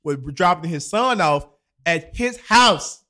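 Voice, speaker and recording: A man's voice: high-pitched, expressive, slow, sharp tone. Young man telling a profane story. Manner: loose profane slang-heavy storytelling, acts out quoted lines. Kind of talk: casual chat.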